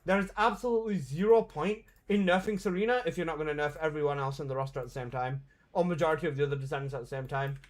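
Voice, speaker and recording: A high-voiced man livestreaming a game. He talks in loose, excitable slang, casual and quick to react to his squad. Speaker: game streamer. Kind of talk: casual live-stream chat.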